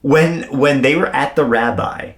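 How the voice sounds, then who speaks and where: A man co-hosting a podcast, telling a paranormal story in a casual, animated way and swearing freely. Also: medium pitch, unhurried. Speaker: podcast co-host.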